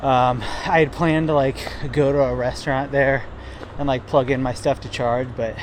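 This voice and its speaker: A young man talks into his phone outdoors, rambling through a casual trail diary in a mid-pitched, ordinary voice. He swears freely and fills gaps with "like" and "um". Faint outdoor and traffic noise sits behind him. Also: steady tone, moderate pace. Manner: rambling, self-deprecating, frequent swearing and fillers. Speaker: thru-hiker vlogger. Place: outdoors by a river near a town.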